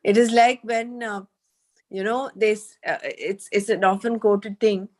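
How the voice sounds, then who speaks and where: Measured woman reading scripture. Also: mid-range voice, fairly even intonation, a little mellow. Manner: measured, thoughtful, with hesitant fillers when speaking freely. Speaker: study group leader reading the text. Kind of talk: reading aloud and explaining.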